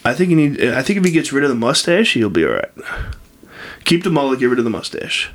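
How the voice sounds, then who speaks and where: Man, mid pitch, casual podcast co-host, crude joking banter. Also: very animated, fast talker. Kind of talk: casual chat.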